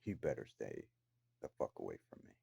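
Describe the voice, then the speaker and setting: A man's voice: a bass voice, sing-song, fairly quick, vocal fry, warm tone, breathy edge, no echo. A man delivering an angry, profane, accusatory rant to the camera from his own room downstairs in a house. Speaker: vlogger.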